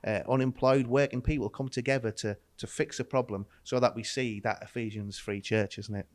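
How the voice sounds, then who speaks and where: A man's voice: mid-range voice, fairly even intonation, brisk, no echo. A man speaking as a pastor guest on a podcast, earnest and reflective. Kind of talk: casual discussion.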